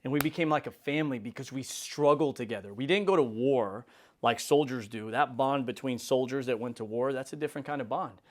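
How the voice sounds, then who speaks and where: A man's voice: medium pitch, a little fast. A man in his forties giving a casual, slangy motivational talk as host, often acting out little conversations. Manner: casual, slangy, acts out quoted dialogue. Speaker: insurance business leader and video host.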